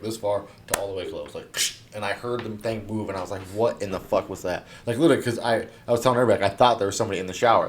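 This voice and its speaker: A young man on a podcast, telling a ghost story casually, rambling with lots of fillers and swearing. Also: lowish voice. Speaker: podcast co-host.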